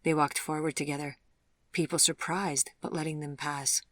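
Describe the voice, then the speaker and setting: Woman reading a storybook audiobook, very low voice, dry close sound. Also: level tone, normal speed, no echo. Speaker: audiobook narrator. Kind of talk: scripted narration.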